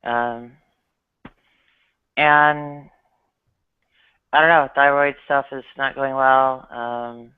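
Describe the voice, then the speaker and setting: A man speaking in a weary, halting way during a casual group chat on a video call. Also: medium pitch, level tone, clear, resonant tone. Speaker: participant in an online chat. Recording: tinny phone-like call line.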